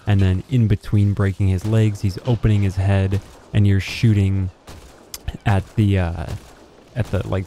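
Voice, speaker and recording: Young guy narrating a game boss guide, really dark mellow voice, kinda low, chill and rambly. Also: slight background noise. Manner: relaxed, rambling, many fillers and restarts. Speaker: gaming video host. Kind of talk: casual gameplay guide voice-over.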